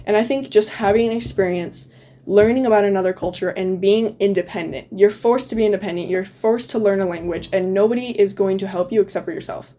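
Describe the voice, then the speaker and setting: With a medium-pitched, dark-toned voice and a fairly quick pace, a teenage returned exchange student chats casually as an interview guest about her year abroad. She laughs often and fills her speech with "um" and "like."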